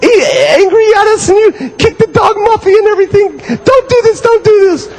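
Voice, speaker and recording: Squeaky little children beg and sob in a high whine, put on by a man telling a story. The voice sits far above a normal speaking pitch and keeps a tearful, pleading edge. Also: sing-song, moderate pace, darkish tone, a little hiss or hum. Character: whining little children begging their mother.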